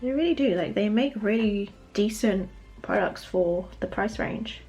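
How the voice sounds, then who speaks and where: A woman's voice: mid-range voice, measured pace, a little mellow. Chatty British woman doing makeup. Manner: chatty, laughs often, talks while applying makeup. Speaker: beauty vlogger. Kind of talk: get-ready-with-me makeup chat.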